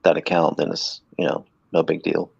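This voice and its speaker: A man cracking sardonic, deadpan jokes in a casual livestream chat as co-host. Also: rumbling low, moderate pace, vocal fry, husky, lo-fi sound.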